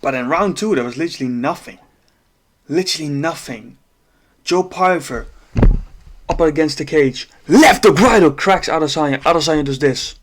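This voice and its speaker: A man's voice: fairly high pitch, animated, moderate pace, background noise. A man breaking down a fight in a casual, profane rant, exasperated and laughing at times. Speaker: MMA commentator.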